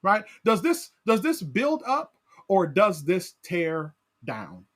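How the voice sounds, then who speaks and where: A man leading a Bible study as pastor, animated, asking his class questions and often tagging on "right?". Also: sits high, slow pace.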